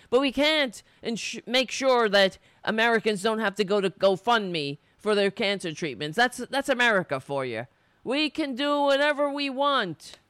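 Person ranting sarcastically into a desk mic at home, voice swinging up and down a lot, smooth and clear, dry close sound. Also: mid-range voice, no echo. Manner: animated, sarcastic, with many restarts. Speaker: political commentary streamer. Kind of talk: ranting casual commentary to camera. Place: home in New York. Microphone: desk mic with webcam.

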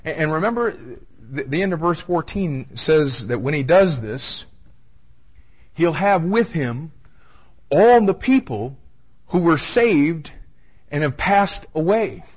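A male pastor preaching a verse-by-verse sermon in a conversational way, stumbling over restarts and booming out the scripture he quotes. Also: expressive, takes it slowly, long pauses, slightly rough, low-quality recording.

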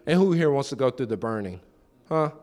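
A man preaching a sermon in church, telling stories with acted-out quotes and repeated phrases. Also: brisk. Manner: animated, pitch jumps high for quoted voices. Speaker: pastor.

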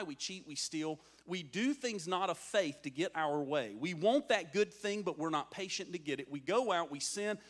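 A man's voice: high voice, fairly bright tone. A man preaching a sermon, telling a story and acting out its voices, often turning to the crowd with questions. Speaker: pastor.

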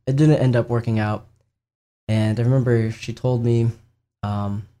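A young man with a warm, mid-range voice tells the story of his faith and vocation. He speaks casually and earnestly, often using fillers and starting sentences over.

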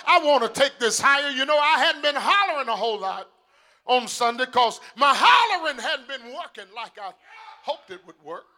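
High, bright hollering older preacher man. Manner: old-school hollering preacher, calls for response. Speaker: pastor. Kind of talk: sermon.

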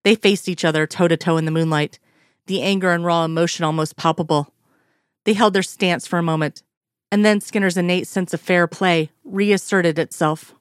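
A woman reading a romance story aloud in a steady, unhurried way. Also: on the low side, clear, resonant tone, dry recording, studio quality. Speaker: reader. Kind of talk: fan fiction read aloud.

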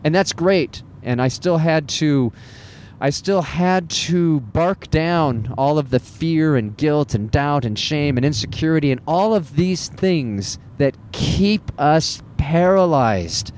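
A man's voice: a little high, expressive, slow, a little mellow, slight background noise. A man who works as a stand-up comedian, talking in a casual, self-deprecating monologue with wry laughs.

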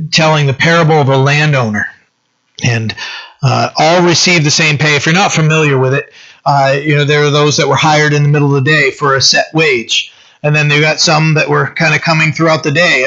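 A man's voice: fairly high pitch, pushed and bright, highs cut off. A man preaching a conversational sermon as pastor, often asking "right?" and saying "you know". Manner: casual, peppers talk with "you know" and "right?".

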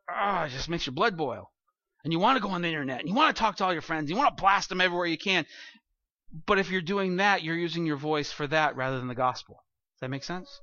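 Bright-voiced conversational male pastor preaching. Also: sits high, dry recording. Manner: animated and conversational, acts out quoted voices. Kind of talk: sermon. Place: church, speaking from the front. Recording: dull lo-fi recording.

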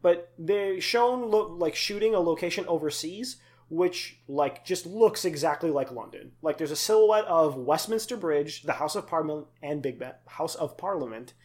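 A man's voice: fairly high pitch, moderate pace, a little mellow. A young man co-hosting a casual podcast, rambling with lots of fillers and asides. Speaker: podcast co-host. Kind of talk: casual chat.

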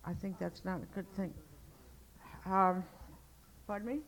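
A woman's voice: fairly low pitch, steady tone, measured pace. A woman moderating a writers' workshop, talking casually and hesitantly with many fillers. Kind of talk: casual group hosting.

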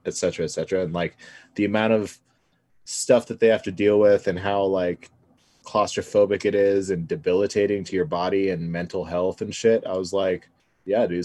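A man's voice: sits low, darkish tone, no echo. A man co-hosting a podcast, talking in a loose, rambling way and swearing freely. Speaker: podcast co-host. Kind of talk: casual chat.

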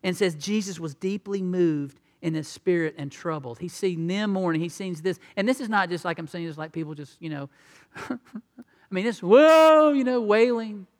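A preacher delivers a conversational sermon in a fairly high voice, acting out the lines of the people he describes. His voice rings out with a long hall reverb, as if captured in a large church. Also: moderate pace. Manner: conversational, acts out quotes. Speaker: pastor.

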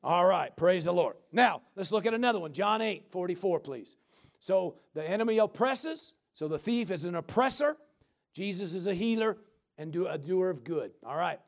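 A middle-aged man preaching a sermon, animated, calling out questions to the congregation and answering himself with shouts and laughter. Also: high voice, moderate pace.

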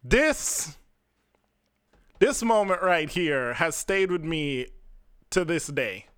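A man's voice: on the high side, sing-song, slow pace, a bit bright, smooth, no echo, clean studio sound. A young Jamaican man hosting a podcast, telling a personal story in a casual, rambling, profane way and speaking straight to his listeners. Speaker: podcast host.

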